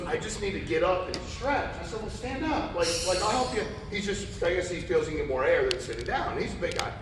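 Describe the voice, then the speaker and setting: Picked up from a distance in an echoey, large conference hall, a high-pitched man delivers a keynote built on stories. He animatedly performs the quotes of the characters he describes, over a noisy background.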